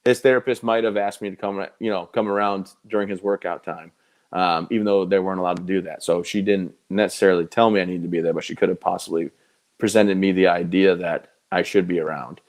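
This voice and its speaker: A man who is a guest in a live interview, telling his stories in an animated, conversational way with quoted dialogue. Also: low voice, fast talker. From United States.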